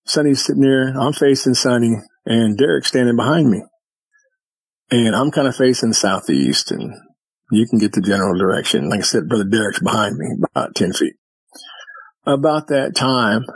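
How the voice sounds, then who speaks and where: A man's voice: mid-range voice, husky, no room sound, poor audio. A man who is a podcast guest, telling a story in casual chat and acting out the exchanges with vivid detail.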